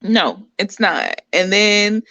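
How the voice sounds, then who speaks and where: A woman comedian, a guest on a podcast, chatting casually and acting out her baby's reactions with lively humor. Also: medium pitch, takes it slowly, dry recording. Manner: lively storyteller who acts out her baby's voice. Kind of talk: casual chat.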